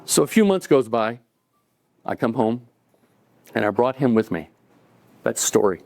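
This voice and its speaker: A middle-aged man telling a personal story to a live audience, relaxed and conversational, with chuckles and acted-out quotes. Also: medium pitch, measured pace, vocal fry, no room sound.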